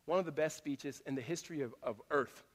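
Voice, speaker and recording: High-voiced pastor preaching in a reverberant hall. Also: male voice, brisk. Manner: conversational and animated, with repeated restarts. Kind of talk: sermon. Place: church auditorium.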